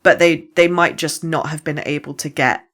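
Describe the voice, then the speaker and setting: A woman co-hosting a podcast, explaining things in an animated way and laughing often. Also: sits low, moderate pace. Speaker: podcast co-host. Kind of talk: casual podcast chat.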